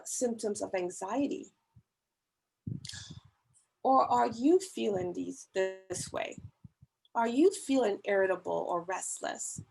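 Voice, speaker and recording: A woman's voice: mid-range voice, vocal fry, slightly rough, rough recording. A woman speaking in a church women's ministry service, earnest and emphatic as she urges listeners to hear those in need. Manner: slow, earnest, emphatic pleading. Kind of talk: church talk on mental health. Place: church service, online meeting.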